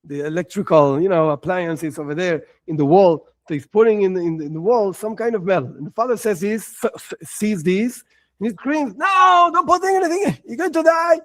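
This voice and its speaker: A rabbi, a man whose voice sits high for a man, teaches a religious class in an earnest, explanatory way. He acts out little scenes, sometimes raising his voice sharply. The sound is dry and close, with no room echo. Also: a little fast. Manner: earnest, animated, acts out short scenes in a raised voice.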